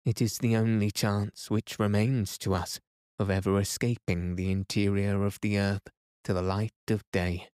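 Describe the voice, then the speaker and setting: A man voicing an unflappable older professor who speaks in a calm, measured, slightly provoking way. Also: lowish voice, clean tone, no room sound, clean studio sound, close to an everyday voice.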